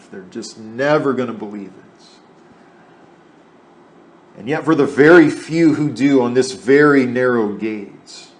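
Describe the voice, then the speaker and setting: Slow earnest guy preaching, keeps repeating stuff for emphasis, normal mid voice. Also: mid-range voice. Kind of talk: sermon.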